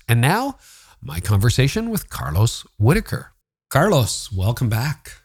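A man's voice: medium pitch, huge pitch swings, unhurried, husky. A Canadian man in a mid-range voice hosts an interview podcast. He talks in an upbeat, conversational way and chuckles between questions. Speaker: podcast host.

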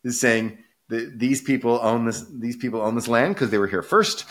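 A man's voice: mid-range voice, moderate pace. A man co-hosting a casual podcast discussion, arguing animatedly and often checking in with "right?". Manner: animated, rhetorical, keeps asking "right?". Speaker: podcast co-host.

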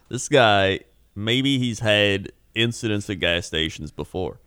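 A man's voice: on the low side, expressive, slow pace, bright, forceful tone, clean tone, no echo, clean studio sound. A young man chatting casually on a podcast, laughing often and playfully arguing the other side. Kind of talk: casual chat.

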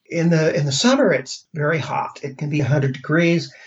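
A man from the United States, talking as a guest in a relaxed, storytelling way with a few restarts. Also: fairly high pitch, normal speed. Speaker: interview guest. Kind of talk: casual conversation. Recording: slightly dull lo-fi sound.

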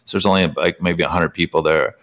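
A man from Canada, a guest author, telling personal stories in casual conversation, animated and full of "like" fillers. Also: quick pace. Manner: animated, pitch jumping up in excitement; heavy use of "like" as filler.

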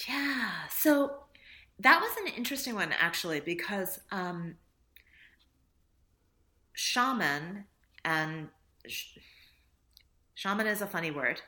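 A woman's voice: fairly low pitch, lively intonation, slow, pauses often, bright, forceful tone. A woman author talking reflectively in a casual interview, laughing often and acting out little dialogues. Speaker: author guest.

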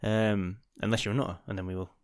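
A man's voice: lowish voice, little pitch movement, quick pace, smooth, no echo, studio quality. A man hosting a podcast, telling a crude joke and rambling casually. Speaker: podcast co-host.

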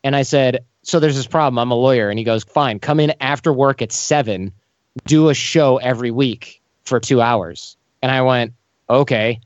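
A man in an interview, telling lively stories and acting out the voices of the people in them. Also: medium pitch, moderate pace, no echo, muffled recording. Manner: animated, acts out quoted voices. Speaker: podcast host as guest. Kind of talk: casual storytelling interview.

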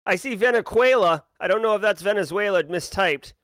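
High, bright-voiced energetic stream host. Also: male voice, a little fast, dry recording. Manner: energetic, shouting out viewers, playful sing-song. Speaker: livestream host. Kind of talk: casual live-stream chat.

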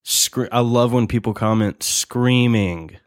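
A man's voice: medium pitch, takes it slowly, no echo, studio quality. A young man hosting a podcast, rambling and joking in a casual, profane monologue. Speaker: podcast host.

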